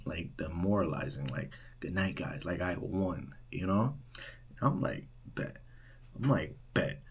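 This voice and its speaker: A young man working as a resident assistant tells a storytime vlog in a casual, animated way, full of "like" and "right?". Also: low-pitched, breathy edge. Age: young adult. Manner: animated retelling, heavy use of "like" and "right?".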